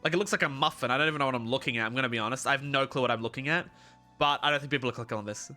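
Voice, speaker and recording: A man's voice: medium pitch, rapid-fire, sharp tone, faint music behind. A young man chatting on a live stream, swearing freely, ranting and slipping into mock-heroic storytelling. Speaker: livestreamer. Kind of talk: casual live-stream chat.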